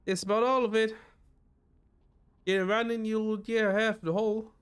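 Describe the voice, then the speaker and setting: Gruff woman salvager with a shaky put-on accent, a German-accented man raising his voice for her. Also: sits high, flat delivery, normal speed, voice pushed up, close to an everyday voice. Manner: clumsy, wandering put-on accent. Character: gruff woman salvager who owns the rig.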